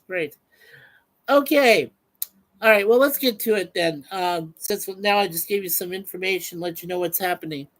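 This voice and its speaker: A man's voice: high voice, a bit bright, poor audio. A man hosting a casual live stream, chatting loosely with many fillers and reading out viewer comments.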